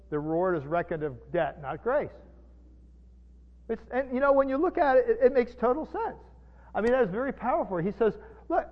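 A pastor preaching a sermon, chatty and animated, with jokes and asides. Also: male voice, high voice. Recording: dull lo-fi sound with long reverb.

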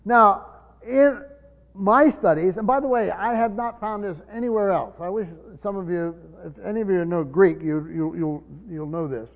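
A man preaching a Bible-teaching sermon in a teacherly way, often repeating words as he explains. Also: moderate pace. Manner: teacherly, repeats words, drops low for scripture. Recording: dull recording in a long-reverb hall.

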